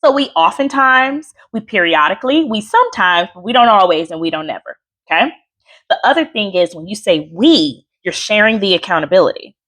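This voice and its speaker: A woman coach teaching a live workshop on handling anger, chatty and animated, with asides and quick laughs. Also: mid-range voice.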